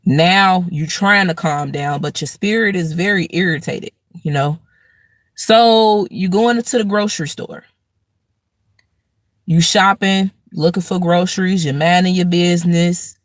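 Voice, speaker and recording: A woman's voice: on the low side, a little slow, no echo. A woman hosting a casual spiritual talk, telling everyday stories in a preachy way and acting out angry rants. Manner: preachy, storytelling with acted-out rants. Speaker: host.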